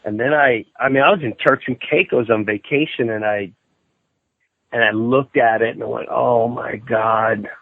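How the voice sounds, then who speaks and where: A man calling in as a guest, telling a story in an animated way and acting out what people said. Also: normal speed, dry recording. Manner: excitable, acts out quotes in shrill outbursts. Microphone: phone call. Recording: tinny dry phone line.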